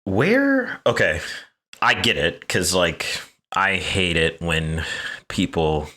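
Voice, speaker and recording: A man co-hosts a podcast in casual, rambling chat, leaning on "like" as he thinks aloud. His voice sits very low, yet has a bright, forceful ring to it. He sounds easygoing and quick to joke. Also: big pitch swings. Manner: loose and rambling, many "like" fillers. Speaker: podcast co-host.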